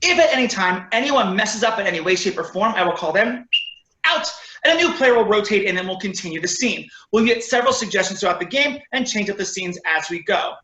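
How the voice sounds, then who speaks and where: A man's voice: high voice, animated, a little fast, sharp tone, low-quality recording. A man refereeing a virtual improv comedy match over a video call, upbeat and chatty as he reads suggestions from the chat.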